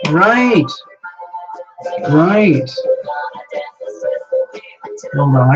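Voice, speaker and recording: Live-stream host, slow unhurried delivery, excitable exclamations, greets viewers by name, dull lo-fi sound, faint music underneath. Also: mid-range voice. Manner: excitable, many exclamations, reads viewer names aloud while scrambling to keep up. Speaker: livestream host.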